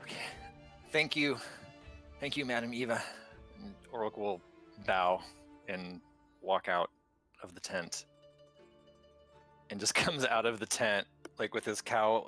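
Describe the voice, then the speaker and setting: Man, tabletop player, low bright voice, hesitant. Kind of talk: casual tabletop play.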